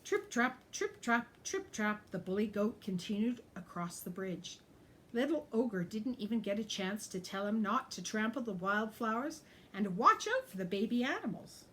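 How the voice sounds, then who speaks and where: A woman teacher reading a picture book aloud to children, animated and pausing to explain the pictures. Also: mid-range voice, a little hiss or hum. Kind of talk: storybook read-aloud for children.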